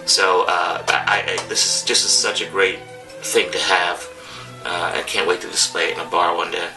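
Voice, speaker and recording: This Hudson Valley, New York bartender, who also collects bar memorabilia, speaks at a moderate pace in a low, level voice. His casual storytelling chat is rambling and eager, full of restarts. It's captured on a distant microphone with music behind him.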